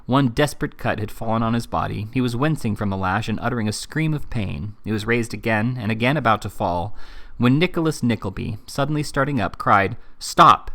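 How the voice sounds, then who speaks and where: A man reads a classic novel aloud with steady, even narration. His voice sits somewhat low. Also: brisk. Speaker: reader.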